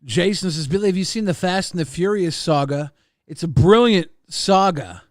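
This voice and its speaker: A man hosting a livestream, casually reading viewer messages and rambling with plenty of swearing in a deadpan way. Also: sits high, normal speed, no room sound, studio quality. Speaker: stream host.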